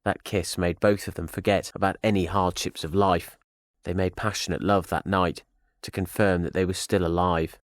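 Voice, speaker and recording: A man reading a thriller audio drama as narrator, in a steady storytelling manner. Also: low-pitched, moderate pace, no echo, clean studio sound.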